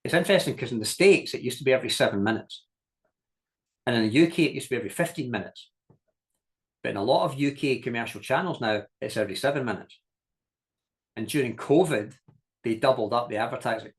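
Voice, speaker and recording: A man teaching a business masterclass, telling lively stories, acting out quoted voices and laughing often, and repeating key points with direct emphasis. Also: mid-range voice, fast, pauses often. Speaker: business coach.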